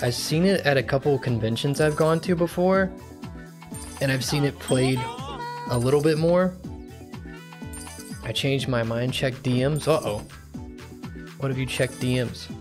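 A young man chatting casually as he streams a game, rambling and thinking out loud. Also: mid-range voice. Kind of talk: casual gameplay commentary.

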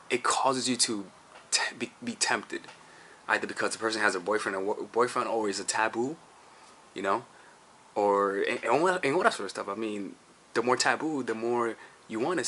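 Rambling man, bright voice. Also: medium pitch, slight background noise. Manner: rambling, restarts often, frequent "all right?" and "you see". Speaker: dating coach. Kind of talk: casual advice monologue.

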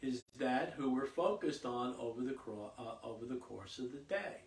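In an echoey church, a priest is heard from a distance reading scripture at Mass before giving a homily. His medium-pitched male voice has lively intonation, but his delivery is slow and halting, full of fillers and repeated words.

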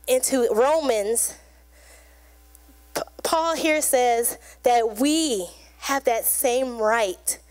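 A woman preaching to a congregation in an easygoing, chatty style. Her voice sits high, and she keeps things loose and conversational, dropping into short acted-out lines now and then. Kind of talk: sermon.

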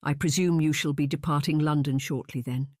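The narrator voicing a gentle, stately old bishop in a storybook who speaks softly and calmly. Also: male voice, on the high side, no echo, studio quality, close to an everyday voice. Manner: soft, measured speech.

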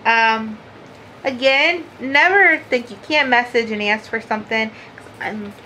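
A bright, fairly high-voiced woman rambles happily through a home crafting vlog. She laughs often and says "like" a lot. There is a faint hiss under her voice. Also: measured pace, rough recording. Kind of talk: casual chat to camera.

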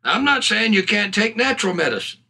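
A man preaching a sermon in a high, bright voice with a gravelly, husky edge. He is fervent and exclaims praise between his points. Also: sing-song, quick pace. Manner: fervent, punctuated with hallelujahs and bursts of laughter.

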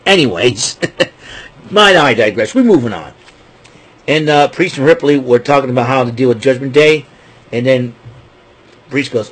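A man hosting a wrestling recap show, rambling casually with joking asides and a husky voice. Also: mid-range voice, animated, measured pace, pauses often.

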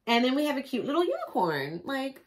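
A woman's voice: sits high, fairly quick, a little hiss or hum. A woman vlogger reading a picture book aloud with chatty, joking asides. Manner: animated, chatty asides, laughs at own jokes.

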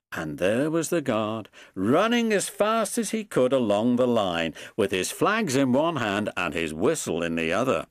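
Slow, lively storybook narrator, man. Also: medium pitch, no echo, clean studio sound. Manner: slow, expressive reading. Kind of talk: storybook reading. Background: background music.

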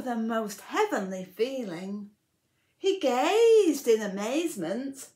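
A woman reads a rhyming picture book aloud to children for a library storytime. She goes very slowly, with a high voice that swoops widely. Now and then she drops into a whispered aside. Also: sing-song.

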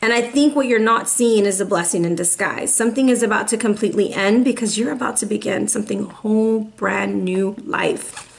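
A woman's voice: medium pitch, fairly quick, vocal fry. A woman giving a casual, encouraging tarot reading to her viewers, close to tears and calling them baby. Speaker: tarot reader.

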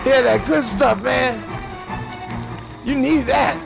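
A man's voice: very high voice, fairly even intonation, slow pace, gravelly. A man streaming a horror video game who taunts, curses and mock-threatens the other players nonstop. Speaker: gamer streamer. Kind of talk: trash-talking gameplay commentary. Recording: game music playing loudly behind.

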